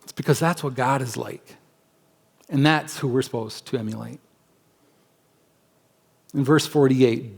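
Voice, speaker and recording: A man preaching a sermon as pastor in a church, conversational and emphatic, acting out quick asides in other voices. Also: medium pitch, gravelly, slightly rough. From United States. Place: church sanctuary.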